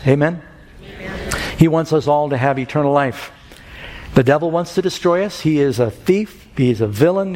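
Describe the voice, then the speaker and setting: A man's voice: medium pitch, darkish tone. A male preacher giving an evangelistic sermon, telling stories and rising to impassioned calls. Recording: long hall reverb with faint music.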